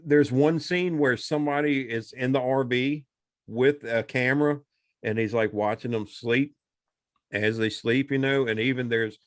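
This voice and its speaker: In a clean studio recording with no echo, a man of medium pitch talks a little slowly. He's a podcast co-host casually retelling a film, wandering through the story and performing the characters' lines in an animated way.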